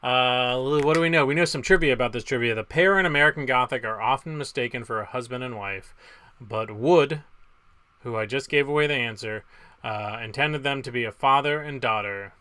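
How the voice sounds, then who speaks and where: A man running a casual online trivia night from his home webcam. His voice is bright and clear, with little room sound. He reads questions plainly, then wanders into rambling, jokey asides. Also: medium pitch, brisk, no room sound. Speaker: trivia quiz host. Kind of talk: casual live trivia hosting.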